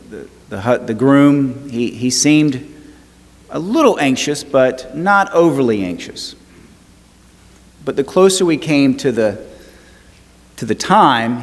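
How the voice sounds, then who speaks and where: A male pastor preaching a sermon, telling a story in a measured way and stressing words by repeating them. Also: mid-range voice. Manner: storytelling, slow and measured with emphatic repetition. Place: church sanctuary. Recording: long church reverb.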